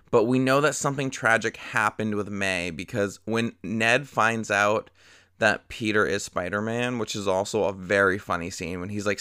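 Young man, casual movie podcast host, rambling profane chatter, low-ish voice, dry close mic. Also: a bit bright, clear, resonant tone, dry recording. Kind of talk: casual solo movie review.

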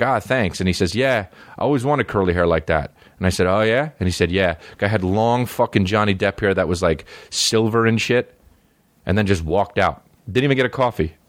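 Deep-voiced and recorded without echo, this male comedian rambles through casual, profane stories on his podcast, meandering and using plenty of fillers. He's in a recording studio.

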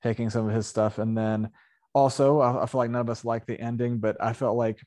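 A man's voice: mid-range voice, little pitch movement, brisk, warm tone. Rambling man hosting a movie podcast. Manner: rambling, full of fillers and self-corrections. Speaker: podcast host. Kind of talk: casual movie review chat.

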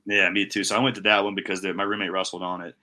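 A young man co-hosts a casual podcast, his voice low in pitch yet bright and forceful. He rambles through stories, swearing freely and dropping bro and dude as he goes. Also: little pitch movement, rapid-fire. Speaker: podcast co-host. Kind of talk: casual chat.

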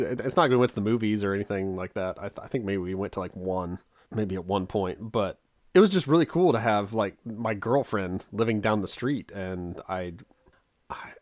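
A man's voice: lowish voice, no echo, studio quality. A man from Kansas, co-hosting a podcast, telling a childhood story in a rambling, self-mocking way with frequent restarts. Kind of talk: casual storytelling chat.

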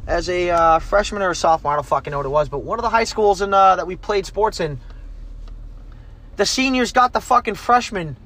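A man's voice: high-pitched, expressive, fairly quick, a bit bright. Profane young man ranting while driving. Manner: profane, blunt, rambling. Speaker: podcast host. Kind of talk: casual rant while driving. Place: in a car on the road.

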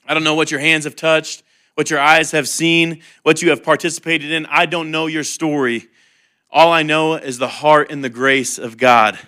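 A man's voice: a little high, fairly even intonation, normal speed, pushed and bright. A man preaching a sermon in an earnest, conversational way, mixing humor with heartfelt appeal. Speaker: pastor.

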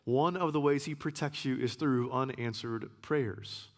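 A man giving a sermon as a guest preacher, earnest, repeating key phrases and sometimes dropping to a hush. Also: medium pitch, measured pace. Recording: long hall reverb.

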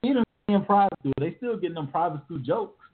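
A man in his thirties co-hosting a podcast, telling stories in animated, slangy casual chat. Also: sits high, brisk. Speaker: podcast co-host. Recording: tinny phone-like audio.

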